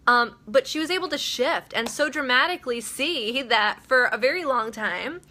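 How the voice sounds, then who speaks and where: A woman's voice: sits high, expressive, normal speed, sharp tone. A woman hosting her daily live video, giving casual motivational talk in a chatty, blunt way, swearing freely and laughing often.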